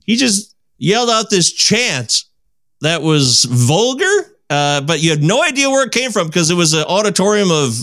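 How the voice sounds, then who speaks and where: A man in his forties, a guest in a casual chat, telling stories with animated, self-mocking humor. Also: high voice, moderate pace, dry recording, studio quality.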